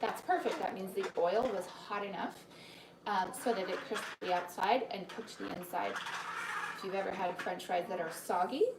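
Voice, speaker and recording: A cookbook author hosts a live cooking demo from her home kitchen, chatting easily and greeting viewers by name between steps, often trailing off and starting over. She speaks at medium pitch and normal speed, recorded from a distance in an echoey room with steady background noise.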